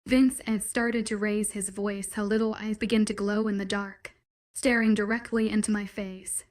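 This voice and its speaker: A woman's voice: medium pitch, flat delivery, moderate pace, a little mellow. A woman narrating a first-person romance story in a sardonic, matter-of-fact way. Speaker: audiobook narrator.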